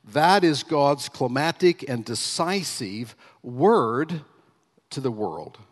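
A man preaching a sermon as pastor, emphatic, slowing down and stressing key phrases as he reads scripture. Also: medium pitch, animated, big-room sound.

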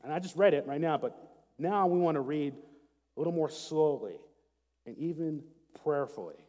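A man preaching a sermon as a pastor, earnest and self-deprecating, reading scripture slowly and prayerfully. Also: a little high, animated, dark tone. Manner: earnest, laughs at himself, slows down to read prayerfully. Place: church sanctuary with seat backs. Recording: long hall reverb.

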